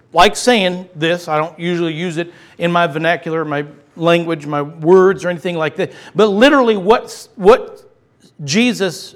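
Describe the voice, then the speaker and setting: A middle-aged male pastor preaching a sermon, impassioned, swinging from loud declarations to hushed, intimate passages. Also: high-pitched.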